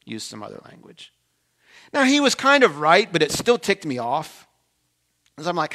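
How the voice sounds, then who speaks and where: A male pastor with a bright, ringing tone that sits slightly high for a man. He preaches with animated storytelling and laughs at his own pride. He surges loud for emphasis, then drops almost to a murmur. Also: unhurried. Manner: animated, swinging between loud emphasis and hushed asides; self-deprecating humor. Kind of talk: sermon with personal storytelling.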